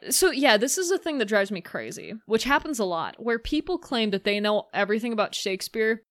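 A woman's voice: fairly high pitch, animated, brisk, a bit bright, no room sound, clean studio sound. A woman's voice that swings widely up and down as she riffs in casual chat. She is sarcastic and mocking, and pokes fun at what she has watched. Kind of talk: casual film commentary chat.

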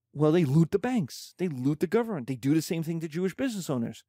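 A man explaining history in a lively, conversational lecture with quick spoken asides. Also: a little high, no room sound, studio quality.

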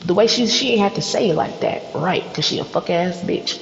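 A woman's voice: lowish voice, a little fast, vocal fry, few pauses. A woman hosting a solo podcast, ranting bluntly and with plenty of swearing, acting out little scenes as she talks. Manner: blunt, profane, animated, acts out little scenes. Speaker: podcast host. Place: studio. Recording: echoey room, dull sound, faint noise.

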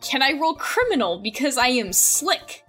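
A woman tabletop player explains what her character does in a matter-of-fact way. Her voice sits somewhat high. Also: sing-song, moderate pace, sharp tone, husky, faint music behind. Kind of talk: describing her character's actions.

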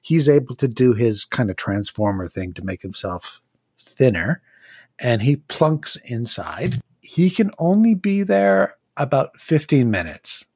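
A game master runs an online tabletop game, narrating the scene slowly and chattily. The delivery is unhurried and full of small fillers. The sound is close and dry. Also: medium pitch, very animated, darkish tone, husky, dry recording.

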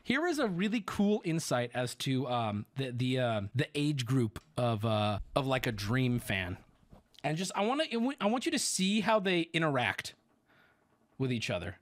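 A male streamer in casual commentary, telling a story in a sarcastic, profane, animated way. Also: medium pitch, normal speed.

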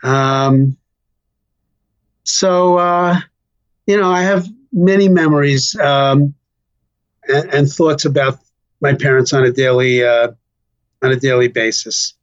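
An older man slowly recalling his family's story as an interview guest, pausing often with fillers. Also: mid-range voice, fairly even intonation, highs cut off. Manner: slow, halting, many fillers. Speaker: interview guest, child of survivors. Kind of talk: reflective personal storytelling.

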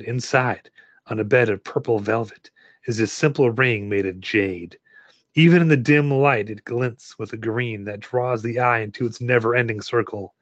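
A man's voice: mid-range voice, no room sound. A man reading a choose-your-own-adventure book aloud to friends in a playful manner. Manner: playful, throat-clearing reader. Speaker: reader and host. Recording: dull lo-fi sound, dry.

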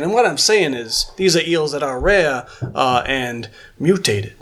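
A man's voice: on the high side, expressive, a little slow, hardly any pauses, fairly bright tone. A man narrating a tabletop game as game master, rambling with many fillers.

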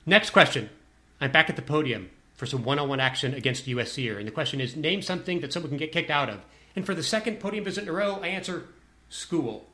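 A man with a somewhat high-pitched voice recounts a personal anecdote to a listener. He talks casually, with wry, self-deprecating humor. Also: fast talker, bright, forceful tone.

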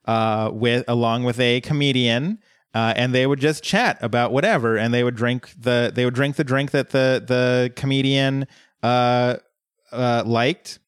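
Dry-sounding man, animated podcast chat. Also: mid-range voice, unhurried, smooth, dry recording. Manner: animated, rambling, jumps into quoted voices. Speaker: podcast co-host. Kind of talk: casual chat recapping a TV episode.

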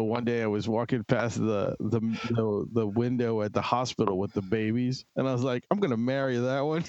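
A man co-hosting a podcast whose pitch swings widely as he talks. He laughs often and swears casually. The recording sounds dull and lo-fi. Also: noisy background. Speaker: podcast co-host.

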